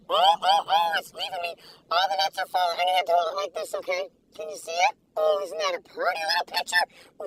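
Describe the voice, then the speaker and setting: An older woman gushes and giggles through a casual food review, her voice gravelly and swinging widely in pitch. She sits in her car, a little away from the mic, with faint vehicle noise behind her. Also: a bit bright, recorded from a distance, low-quality recording. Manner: gushing, giggly, exclamatory. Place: inside a parked car.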